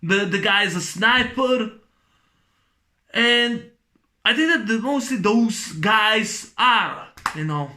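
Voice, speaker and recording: A man's voice: sits high, lively intonation, slow pace, pushed and bright. A man with giving a profane, rambling movie rant, full of fillers and restarts. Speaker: movie reviewer.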